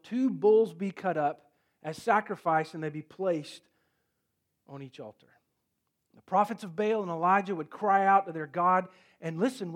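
A man preaching a sermon, telling the story with animated swings between loud and quiet. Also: high-pitched. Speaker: pastor.

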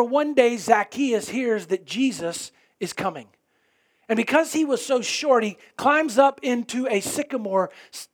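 A middle-aged man delivering a sermon in a higher-than-usual voice. He is animated, driving some phrases hard and letting others fall low and intense. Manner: animated, swings from loud emphasis to quiet intensity. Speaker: pastor.

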